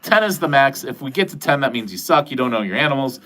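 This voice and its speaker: Talking fast and sounding animated, a middle-aged livestream host from New England jokes, swears and rambles with his chat. His mid-range voice is a bit bright, and faint music plays in the background.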